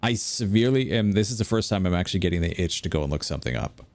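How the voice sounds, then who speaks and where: A man's voice: low voice, expressive, racing, darkish tone, no room sound. A man, rambling and chatting with viewers during casual gameplay commentary at home late at night. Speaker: gaming video creator.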